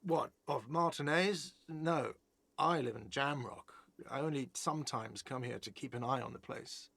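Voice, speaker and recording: A man's voice: medium pitch, normal speed, creaky, a bit bright, breathy edge, dry recording. An actor voicing a whiny, defensive male cafeteria manager in a video game, dry close sound. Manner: defensive, sarcastic. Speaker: game character.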